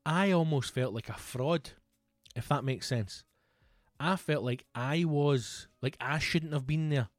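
A man's voice: fairly high pitch, measured pace, no echo, clean studio sound. A Scottish man in his thirties, swearing freely and rambling through anecdotes in a casual podcast chat. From Scotland. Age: 30s. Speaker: podcast co-host.

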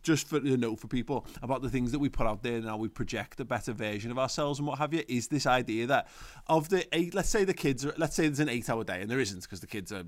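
A man in his thirties co-hosting a casual chat show, rambling and swearing, often restarting his sentences. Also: mid-range voice. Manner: rambling, sweary, self-interrupting. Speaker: podcast co-host.

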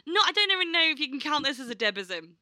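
Young woman, podcast co-host, very bright, dry close sound, chatty and laughing. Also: sits high, sing-song, fast, dry recording. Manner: chatty storyteller, laughs often, swears casually. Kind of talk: casual chat.

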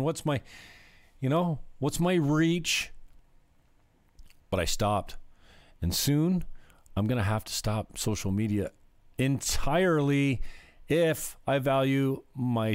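A man's voice: medium pitch, no echo. A man hosting political commentary, ranting heatedly and sarcastically over clips.

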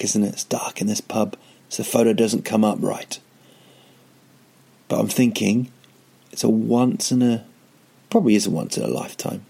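Low, gravelly-voiced male comedian. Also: a little mellow. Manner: digressive, self-mocking asides. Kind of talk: casual rambling storytelling.

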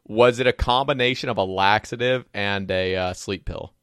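A man's voice: on the low side, normal speed, fairly bright tone, clean tone, no room sound, studio quality. A man in a casual chat, reacting with swears and laughs and telling a short story of his own.

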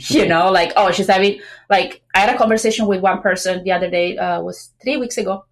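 A pregnant woman talking as a guest on a business podcast, chatty and lively, acting out quoted remarks between many fillers. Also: medium pitch, brisk. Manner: animated, acts out quoted voices, many fillers. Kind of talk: casual interview talk.

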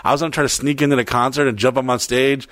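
A man casually telling a story on a podcast, animated and profane, acting out the voices of other people. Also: medium pitch, rapid-fire, no room sound, studio quality. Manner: animated, swears a lot, acts out voices.

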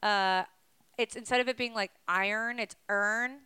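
A young woman with a Californian Valley girl accent and vocal fry, hosting a casual podcast chat and drawling with lots of "like". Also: on the high side, steady tone, moderate pace, bright, forceful tone, dry recording. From San Fernando Valley, California. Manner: drawling, heavy "like" fillers, playful. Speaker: podcast host.

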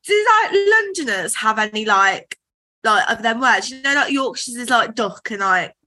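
A young woman co-hosting a chatty podcast. Her voice is very bright and sharp and sits a little high. She is playful and laughs often. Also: expressive, normal speed. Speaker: podcast co-host. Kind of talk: casual chat.

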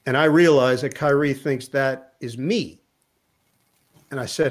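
A middle-aged man and sports broadcaster, a guest telling a lively anecdote in an interview, acting out the lines of the people in his story. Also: mid-range voice, a little slow, long pauses. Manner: lively anecdote teller who acts out quotes.

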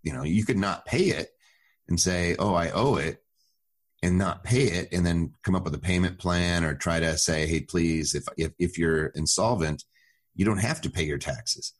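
A man's voice: low voice, moderate pace. A man talking as a tax advisor guest on a podcast, explaining in a confident, plainspoken way. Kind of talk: podcast interview.

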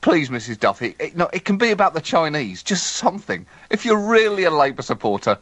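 A comedian voicing a desperate middle-aged male prime minister who begs in a whiny voice, climbing into shrill squeals. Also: sing-song, fairly quick, fairly bright tone, no room sound. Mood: pleading. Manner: whiny, begging, rising to shrill.

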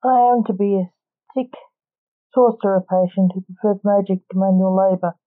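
A woman voicing a deadpan, insane young male sorcerer in a read-aloud story. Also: medium pitch, moderate pace, narrow, tinny audio, natural voice.

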